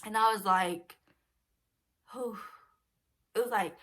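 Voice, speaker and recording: A woman's voice: a little high, normal speed, sharp tone. A young woman telling a personal story to her viewers in a casual, chatty way. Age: young adult. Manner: chatty, addresses viewers directly as y'all. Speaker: vlogger.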